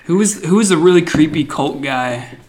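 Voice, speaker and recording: A man talking casually while planning an improv scene, slow and hesitant with ums. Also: fairly high pitch, lively intonation, a little mellow.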